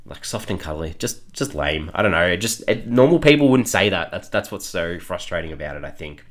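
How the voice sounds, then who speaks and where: A man's voice: low voice, sing-song, a little fast, fairly bright tone. An Australian man hosting a podcast, chatting casually through an episode review with frequent chuckles and fillers. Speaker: podcast host.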